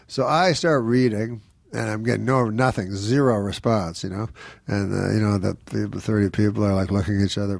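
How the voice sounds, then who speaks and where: A man, a comedian guest on a podcast, telling rambling anecdotes in a dry, offhand way with quick laughs. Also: mid-range voice, gravelly, dry recording. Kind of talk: casual podcast storytelling.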